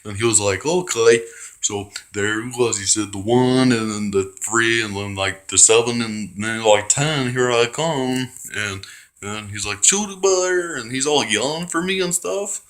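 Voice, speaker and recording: A man's voice: fairly low pitch, moderate pace, a bit bright. A man telling a crude, rambling comic story in a naive, childlike manner, full of profanity.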